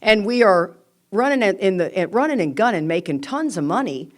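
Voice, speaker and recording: Older woman speaker at a recovery meeting, candid and animated, acts out her stories. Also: medium pitch, brisk.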